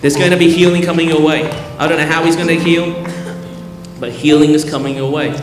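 Pastor, male, funny and rousing sermon delivery, slightly high voice, booming church hall with keyboard behind. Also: fairly even intonation, brisk. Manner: joking, call-and-response, rising to loud preaching. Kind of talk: lively humorous sermon. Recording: echoey hall with keyboard music.

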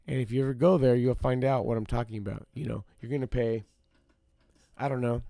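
Male podcast host, gravelly mid-pitched voice, chatty ranting storyteller who addresses the audience directly. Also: fairly even intonation, a little fast, warm tone, no echo, clean studio sound. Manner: ranting storyteller, repeats himself for emphasis; talks straight to listeners as y'all. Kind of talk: casual solo podcast rant.

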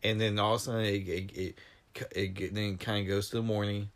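A man with a somewhat low voice retells a film's story in casual chat. He gets animated, his voice jumps up for the big moments, and he sounds close to tears. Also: fairly quick. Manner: animated, emotional storytelling, voice rising when retelling scenes. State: near tears. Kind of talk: casual film discussion.

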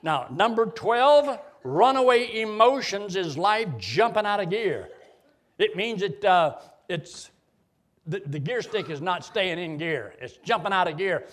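A man's voice: high voice, measured pace. A middle-aged man preaching a sermon in a folksy, joking way. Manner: folksy, joking, animated delivery.

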